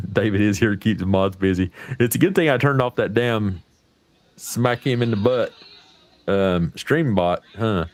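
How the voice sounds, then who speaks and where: Hosting a livestream, this American guy talks a little slowly in a fairly low pitch, his casual chat folksy, salty, and wandering from one thing to the next. The audio is close and dry, free of any room echo.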